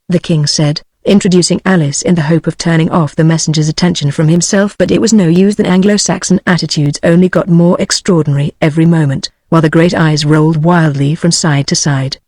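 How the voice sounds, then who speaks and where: Flat text-to-speech audiobook narrator. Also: medium pitch, fairly quick, few pauses, no room sound. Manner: flat synthetic reading.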